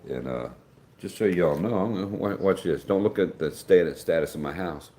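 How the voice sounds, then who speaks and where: A man's voice: sits low, moderate pace, a little mellow, echoey room. A man hosting a casual livestream, chatting folksily and reading out viewer comments, calling everyone man or dude. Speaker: livestream host.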